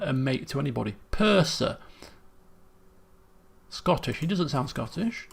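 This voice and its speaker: A man's voice: a little high, creaky, slightly rough. A man, thinking aloud as he streams a puzzle game, muttering guesses and restarting sentences. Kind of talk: casual gameplay commentary.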